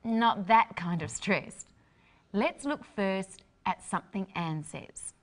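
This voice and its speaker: A woman hosting an English lesson, explaining in a clear, careful scripted delivery. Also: mid-range voice, expressive, slow pace. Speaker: host, English teacher.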